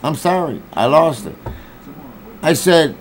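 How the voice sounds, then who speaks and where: A man's voice: on the high side, animated, slow pace, low-quality recording. A man telling an angry, profane story, acting out both sides of an argument in quoted dialogue. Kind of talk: angry personal rant.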